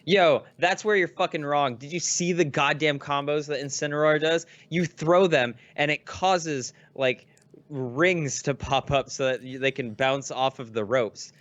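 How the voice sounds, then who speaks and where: A man co-hosting a podcast in casual chat, swearing a lot and getting excitable as he tells stories. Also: a little high, a little slow, dry recording, lo-fi sound. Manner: profane, excitable storyteller. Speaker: podcast co-host.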